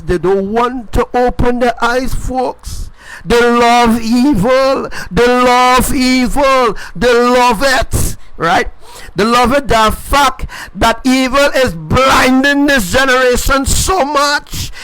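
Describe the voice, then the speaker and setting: High-voiced man preaching fiercely. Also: clean tone, dry recording, poor audio. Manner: repetitive, rising to shouts. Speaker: self-styled prophet preacher. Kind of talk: fiery livestream preaching.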